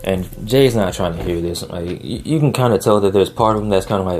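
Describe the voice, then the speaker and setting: A man casually recapping a wrestling episode, laid-back and full of fillers, slipping into quick quoted lines. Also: deep voice, a little mellow, a little hiss or hum. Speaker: wrestling show reviewer. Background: faint background music.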